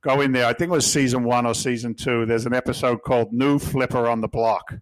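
Man, English accent, middle-aged, blunt, swears, jokey storyteller, podcast guest, mid pitch, dry sound. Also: fairly even intonation, brisk, dry recording, poor audio. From England. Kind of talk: casual storytelling.

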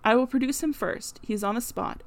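A woman reading the part of a composed male lawyer who speaks calmly and distinctly in an audiobook. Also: a little high, brisk, no room sound, natural voice. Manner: calm, distinct and steady. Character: calm precise male lawyer.

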